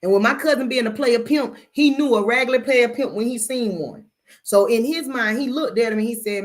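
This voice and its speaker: On her live stream, the tarot-reading middle-aged woman speaks a little fast in a slightly high voice. She's blunt and sassy, swears freely and calls everyone baby in her casual chatter.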